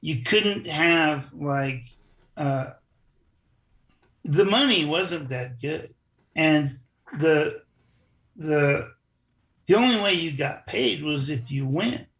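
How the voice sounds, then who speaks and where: A man's voice: a little high, expressive, extremely slow, pauses often, fairly bright tone. An older man, a former wrestler, telling stories in a rambling, casual interview. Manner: rambling, restarts, chuckles.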